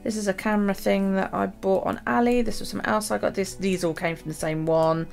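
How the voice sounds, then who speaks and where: A woman chatting casually about her journal and her chores, rambling with many pauses and ums. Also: mid-range voice, steady tone, gravelly, darkish tone, faint music behind. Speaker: journaling vlogger. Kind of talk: casual chat.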